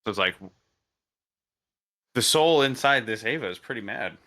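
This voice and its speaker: A man's voice: medium pitch, lively intonation, normal speed, pushed and bright. A man co-hosting a podcast, talking casually and thoughtfully, asking questions. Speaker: podcast co-host. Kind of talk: casual recap chat.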